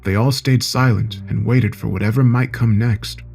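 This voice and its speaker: Low-voiced man narrating horror. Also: steady tone, moderate pace, gravelly, darkish tone, faint music behind.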